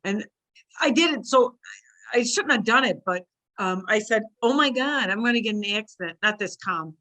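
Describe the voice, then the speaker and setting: A woman on a casual talk show, telling a story of her own and acting out what she said at the time. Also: normal speed. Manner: animated, acts out her own past lines in a shrill cry.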